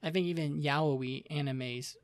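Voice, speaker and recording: A young man co-hosting an anime podcast, talking in an animated, rambling way and laughing easily. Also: fairly high pitch, measured pace, no room sound, studio quality. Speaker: podcast co-host. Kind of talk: casual anime review chat.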